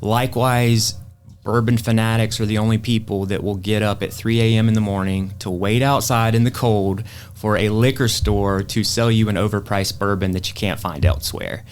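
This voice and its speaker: A lowish-voiced man from South Carolina, a guest on an interview podcast. He tells stories in a chatty way with plenty of ums. Faint ambience hums behind him. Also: steady tone, moderate pace, a little hiss or hum. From Greenville, South Carolina. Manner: chatty storyteller, frequent um and uh. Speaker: guest, bourbon society president. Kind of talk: interview conversation.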